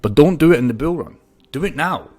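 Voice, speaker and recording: A man's voice: a little high, a little fast, faint music behind. A man speaking casually in a video, brash and swearing as he tells stories and gives opinions. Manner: brash, swearing, lively storytelling. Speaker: crypto YouTuber. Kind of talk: casual talking-head video.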